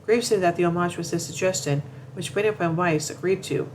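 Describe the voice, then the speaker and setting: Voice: mid-range voice, brisk, a little hiss or hum, low-quality recording. A commentator reading a narration from notes, often stumbling, repeating words and restarting sentences. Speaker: show commentator.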